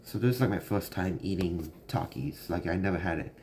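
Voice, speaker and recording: A young man with a very low voice tells a story in a loose, rambling way, packing it with fillers. It sounds like a casual vlog monologue, with faint noise in the background. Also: a little fast, a little mellow. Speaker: vlogger.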